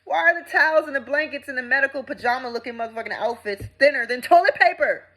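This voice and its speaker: Emphatic indignant woman, bright voice. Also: fast talker, poor audio. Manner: emphatic, indignant, swings between loud outbursts and low mutters. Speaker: veteran vlogger. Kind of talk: impassioned vlog rant.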